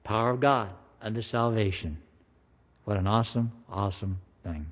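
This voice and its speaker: A man preaching a sermon in a conversational style, slowing down for emphasis and acting out voices. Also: fairly low pitch. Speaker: pastor. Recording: long hall reverb.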